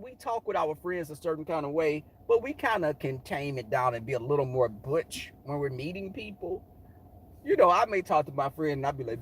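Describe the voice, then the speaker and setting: Middle-aged guy spilling a story, sassy and loud, high lively voice kinda husky. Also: moderate pace. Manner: animated, sassy, profane, jumps into high voices for quotes. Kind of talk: casual storytelling to viewers.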